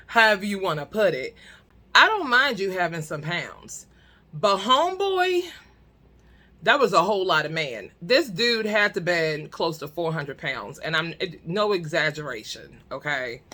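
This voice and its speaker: A woman telling a comic storytime to her camera, animated and blunt, laughing often. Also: fairly low pitch, unhurried. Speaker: storytime vlogger. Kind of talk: casual comedic storytime. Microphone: talking to her own camera.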